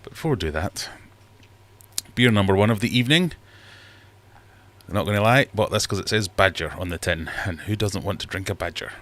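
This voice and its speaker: A man's voice: sits low, lively intonation, fairly quick, fairly bright tone. A man hosting a casual livestream from his fish room, rambling and self-deprecating as he reads chat aloud. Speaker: livestream host.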